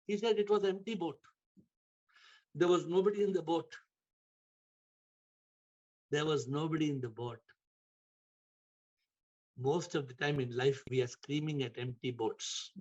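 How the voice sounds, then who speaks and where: A man giving a spiritual talk, telling stories with emphatic repetition and sudden shifts in loudness. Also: a little high, measured pace, pauses often, highs cut off. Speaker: spiritual teacher. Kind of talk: spiritual talk to an online audience.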